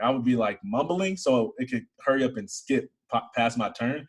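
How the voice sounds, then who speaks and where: A young man from Michigan, an interview guest, telling a personal faith story in earnest, building to excited emphasis. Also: mid-range voice, fairly quick, few pauses, husky.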